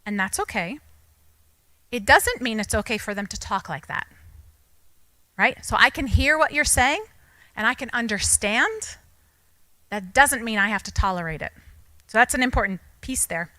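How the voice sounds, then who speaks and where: A woman's voice: a little high, animated, normal speed, long pauses, pushed and bright, no echo, low-quality recording. A woman, giving a talk to parents, often acting out what children say. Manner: code-switching, acts out children's quotes. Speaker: speaker at a church parenting talk.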